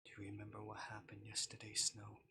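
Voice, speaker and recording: A man's voice: lowish voice, monotone, quick pace, vocal fry, pushed and bright, slightly rough, full character voice. A man voicing a remorseful male fae captor in whispered role-play, speaking formally and apologetically. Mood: gentle.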